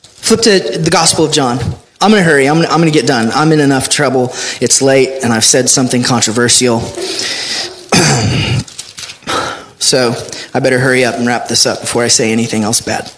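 A male pastor preaching a sermon, reading scripture aloud with animated delivery. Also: mid-range voice, moderate pace, slight background noise.

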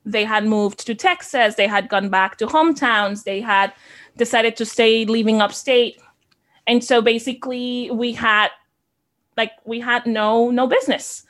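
A fairly high-pitched woman from the Dominican Republic, in her thirties, talks about running her child care center. She speaks earnestly and reflectively, often repeating a word as she begins a thought. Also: fairly even intonation, a little slow, fairly bright tone. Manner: earnest, reflective, repeats words when starting. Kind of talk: conversational interview.

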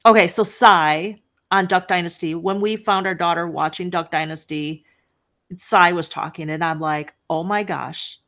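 A woman's voice: on the low side, fairly even intonation, moderate pace, a bit bright. A woman author as an interview guest, chatting and telling funny family stories with a lot of laughter. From Wisconsin. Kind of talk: casual interview chat.

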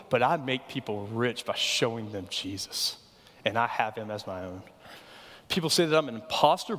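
A man's voice: mid-range voice, fairly bright tone, big-room sound. A man preaching a sermon as pastor, earnest and pleading, asking the congregation rhetorical questions.

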